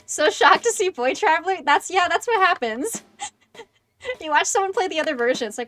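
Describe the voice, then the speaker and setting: A woman in her twenties chatting excitedly on a gaming livestream, making self-deprecating asides into a close desk microphone. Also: very high-pitched, fairly quick, a little hiss or hum. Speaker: streamer. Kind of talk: casual gaming livestream chat.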